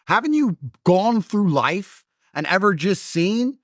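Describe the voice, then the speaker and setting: A man's voice: sits high, sing-song, takes it slowly, a bit bright, no echo, clean studio sound. A man in casual podcast conversation, talking bluntly and emphatically. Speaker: podcast guest.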